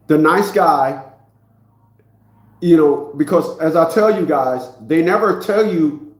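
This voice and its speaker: A man's voice: fairly high pitch, echoey room. A man in his fifties ranting in a preachy, profane monologue, often repeating himself. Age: 50s. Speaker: vlogger.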